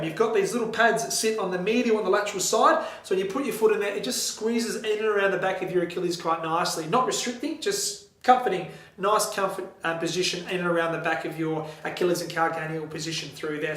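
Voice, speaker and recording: Aussie guy reviewing running shoes, kinda high voice, lots of ums, echoey room. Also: fairly bright tone. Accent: Australian. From Australia. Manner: friendly, candid, with frequent ums and restarts. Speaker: shoe store reviewer. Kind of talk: product review to camera.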